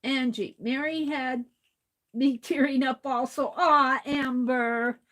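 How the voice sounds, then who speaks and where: Woman host, high voice, slow easygoing delivery, chatty, reads chat aloud between sketches. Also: steady tone, a bit bright. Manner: chatty, reads viewer comments aloud, laughs easily. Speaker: art livestream host. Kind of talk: casual livestream chat while drawing.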